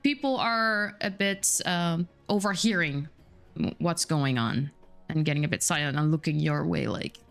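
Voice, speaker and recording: A woman's voice: low-pitched, unhurried, vocal fry, a bit bright. Chatty woman game master narrating. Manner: descriptive, chatty, with many fillers. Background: faint music.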